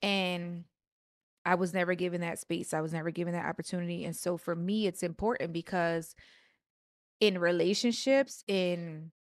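A woman's voice: lowish voice, steady tone, normal speed, dry recording, studio quality. A woman co-hosting a podcast with her husband, speaking earnestly and personally, with rising emphasis. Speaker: podcast co-host. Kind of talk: casual conversational podcast.

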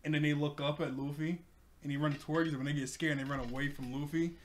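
A man's voice: fairly high pitch, level tone, quick pace, slight background noise. A man casually recapping an anime episode for his review channel, chatty and rambling, laughing often.

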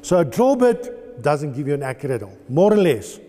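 A man's voice: on the high side, sing-song, fairly quick, warm tone. A man teaching at a lathe in an engineering workshop, giving a patient, step-by-step demonstration. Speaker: lecturer. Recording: reverberant workshop with faint ambient noise.

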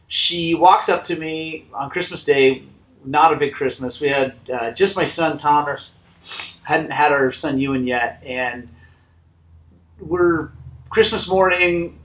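A man who owns a motorcycle shop tells his own story in a heartfelt, halting way, recorded inside his shop. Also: a little high, a bit bright, echoey room, rough recording. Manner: earnest, heartfelt, halting with restarts. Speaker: motorcycle shop owner and channel host. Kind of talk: personal storytelling to camera.

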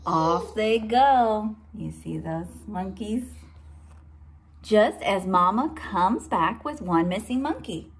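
A teacher reading a picture book aloud to young children, pausing to explain words and point at the pictures. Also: female voice, mid-range voice, lively intonation.

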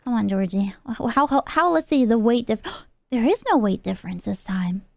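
High-voiced excitable woman streamer. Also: normal speed, gravelly. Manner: excitable, gasping and squealing. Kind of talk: live game streaming.

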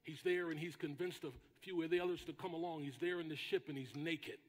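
Pastor, male, husky voice with a high pitch, preaching in a hall with long reverb, dramatic pauses and shouted lines. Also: steady tone. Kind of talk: sermon. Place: church sanctuary.

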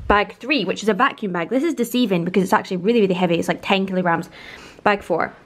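A young woman, chatting excitedly to a handheld camera in a casual vlog and laughing often. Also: medium pitch, quick pace. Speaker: vlogger.

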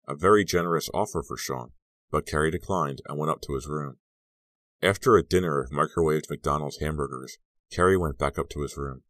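A male audiobook narrator with an exceptionally deep voice reads in a steady, even way. The sound is close-miked and dry, with no room in it. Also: no room sound. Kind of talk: scripted narration.

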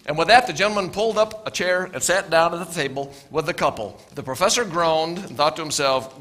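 Speaking briskly with few pauses, a middle-aged pastor in a slightly high voice delivers an earnest, story-driven sermon. He frequently repeats his words and slips into soft asides.

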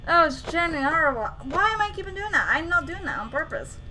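A woman's voice: very high voice, sing-song, quick pace, sharp tone, a little hiss or hum. A woman hosting a horror game video, nervously talking to herself and to the game's characters. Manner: jittery, talks to the game's characters, nervous self-talk. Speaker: gaming video host.

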